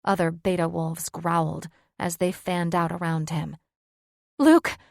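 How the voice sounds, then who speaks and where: A woman giving steady, scripted narration of a fantasy romance audiobook. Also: fairly low pitch, moderate pace, gravelly, no room sound, clean studio sound.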